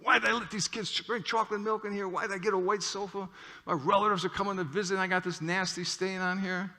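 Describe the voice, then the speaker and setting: A man voicing a fussing young wife in a high falsetto, his voice ringing in a reverberant hall. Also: level tone, quick pace, a bit bright. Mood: upset. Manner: falsetto, sing-song.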